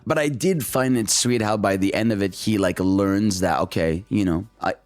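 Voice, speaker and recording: A young man giving a casual, excited movie review, rambling with lots of filler words and slang. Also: fairly low pitch, moderate pace, no echo, soft background music.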